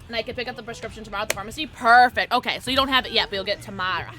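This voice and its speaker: A woman's voice: on the high side, very fast. A woman streaming live from home, chatting with viewers and reacting to her game in playful slang. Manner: bubbly, playful slang, talking to chat. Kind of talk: live gameplay commentary with chat.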